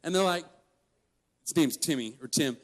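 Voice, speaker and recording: A man's voice: on the high side, moderate pace. Joking young man preaching to youth. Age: 20s. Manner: animated and joking, laughs mid-story. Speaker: guest youth speaker. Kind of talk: storytelling youth sermon.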